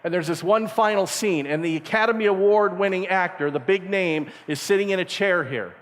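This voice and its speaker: His voice sits high and brisk as this middle-aged camp speaker shares stories in his sermon, animatedly performing the voices in them. The camp meeting hall gives the recording a reverberant sound.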